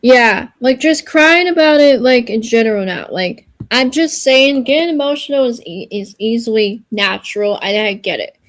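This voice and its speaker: A woman's voice: on the high side, normal speed, hardly any pauses, no echo. A woman on a casual livestream giving an earnest, reassuring pep talk, rambling and searching for her words as she goes.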